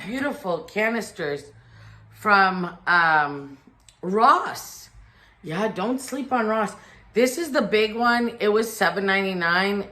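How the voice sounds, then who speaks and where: A woman chatting to camera in her home kitchen, talking about organizing in a rambling, earnest way and urging her viewers on. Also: mid-range voice. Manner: rambling, earnest, stops and restarts; chatty and warm toward viewers, drops into exhortation. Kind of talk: casual chat to camera.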